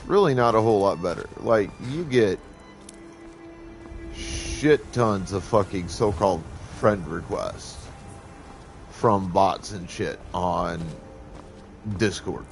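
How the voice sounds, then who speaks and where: A man's voice: takes it slowly, gravelly, pauses often, faint music behind. A man streaming a game live, ranting heatedly and swearing constantly. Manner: heated, swearing constantly, animated swings in pitch. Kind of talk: profane live-stream rant.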